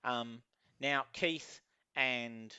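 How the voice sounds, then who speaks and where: A man running a tabletop game, talking through scenes in a loose, filler-heavy ramble. His voice is bright and smooth, recorded dry with a slightly dull, lo-fi sound. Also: medium pitch, extremely slow, dry recording. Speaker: game master.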